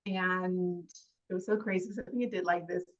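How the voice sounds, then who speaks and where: A woman's voice: on the low side, fairly even intonation, moderate pace. A woman actress speaking as an interview guest, earnest and reflective and often laughing. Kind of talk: conversational interview. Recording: dull lo-fi audio.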